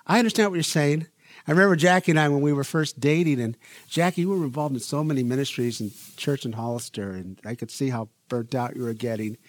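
A man's voice: mid-range voice, quick pace, dry recording. A middle-aged man preaching a sermon as pastor, telling stories animatedly and acting out the people he quotes. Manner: animated storytelling, acts out quoted voices.

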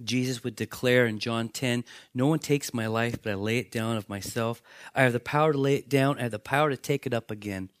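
A man preaching a sermon, telling Bible stories in a lively way and acting out the characters' lines. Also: mid-range voice, brisk, dry recording. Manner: animated storytelling, acts out voices of biblical characters. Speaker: pastor.

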